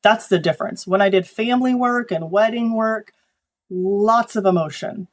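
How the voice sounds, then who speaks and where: Woman photographer telling lively work stories. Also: mid-range voice, normal speed. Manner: animated storytelling, acting out quoted people. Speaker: corporate photographer guest. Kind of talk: conversational interview.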